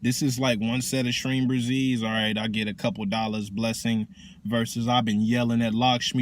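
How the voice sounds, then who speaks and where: A man who works as a teacher casually explains spiritual practice in slangy, profane, animated talk. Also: medium pitch, moderate pace.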